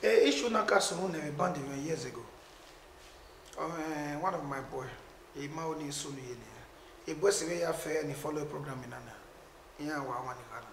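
A man's voice: a little high, brisk, slight background noise. A man with a Nigerian accent, a musician talking animatedly in a casual conversation. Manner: animated, mixing pidgin and Edo. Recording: echoey room.

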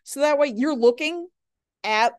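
A woman with a high voice delivers a recorded biology lecture at a measured pace, with clean studio sound and no echo. She wanders off topic often, leans on fillers, and tells chatty anecdotes from her own life.

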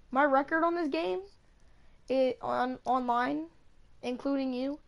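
A woman with a high voice chats casually while playing a wrestling game, teasing her friend nonstop. She repeats her taunts again and again and breaks into loud yelling when the match turns. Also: fairly even intonation, a little slow, vocal fry, rough recording. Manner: teasing trash talk, repeats lines, bursts into yelling. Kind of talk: casual gaming commentary.

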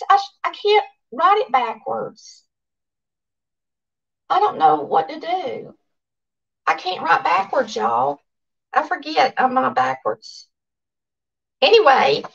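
A Southern woman hosting a cooking channel, chatting casually and excitedly to her viewers as she reads their cards aloud. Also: sits high, vocal fry, distant mic, highs cut off.

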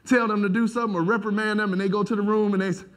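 A male pastor preaching a sermon, building from low talk to shouted lines and laughing as he goes. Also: fairly even intonation, racing.

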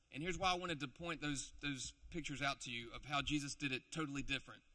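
A man's voice: on the high side, bright, forceful tone. A man preaching a youth sermon in a playful storytelling way, acting out the characters' lines in the story he tells. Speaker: youth pastor.

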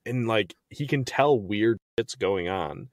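A man in his thirties co-hosting a podcast, telling stories in animated casual chat, with quick bursts and laughter. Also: lowish voice, no room sound, clean studio sound. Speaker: podcast co-host.

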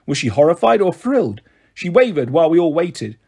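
A man reading a children's novel aloud as a storyteller, gentle and shifting his voice for each character. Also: very animated, fairly quick, husky. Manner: gentle, voices the characters with raised and lowered pitch. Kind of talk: audiobook narration of a children's novel.

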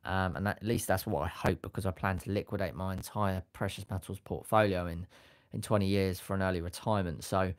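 A man with a slightly low voice runs a relaxed live stream from a home setup with a sticker backdrop. Goofy and chatty, he reads viewers' comments aloud and readily laughs at himself.

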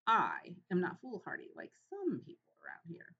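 A cautious, grumbling old uncle mouse who lectures the youngsters, as a woman reader puts him on. He talks in a gruff, pointed way. The sound is a little dull. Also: lowish voice, wildly swooping pitch, moderate pace, heavily acted.

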